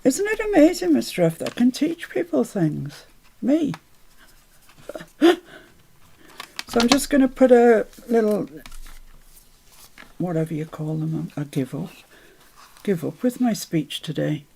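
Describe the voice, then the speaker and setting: Gravelly-voiced woman crafting live. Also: medium pitch, big pitch swings, warm tone, slight background noise. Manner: chatty, self-mocking, quick to laugh. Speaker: craft live-stream host. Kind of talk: chatty live crafting demo.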